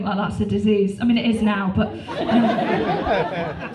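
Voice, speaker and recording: A woman's voice: medium pitch, normal speed, noisy background. A woman performing a stand-up comedy set on a club stage, brash and punchy, swearing freely between bursts of crowd laughter. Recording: roomy live venue, distant, crowd laughter.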